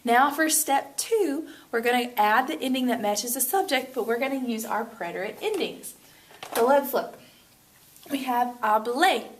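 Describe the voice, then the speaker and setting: A woman teaches a recorded classroom lesson in a cheerful, chatty way. Her voice sits a little high, and she tosses in playful asides as she explains. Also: expressive, moderate pace, a little hiss or hum. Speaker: Spanish teacher.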